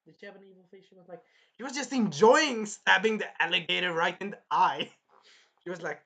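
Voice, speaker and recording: A man with a bright, forceful voice that sits a little high. He rambles through a casual anime review, swearing freely and breaking into quoted lines of dialogue. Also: fairly quick.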